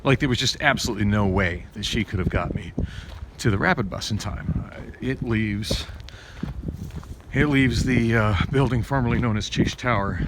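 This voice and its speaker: Over background noise, a man rants casually on his vlog about a ride gone wrong. He rambles, restarts often, leans on fillers, and his voice lifts in pitch as he gets agitated.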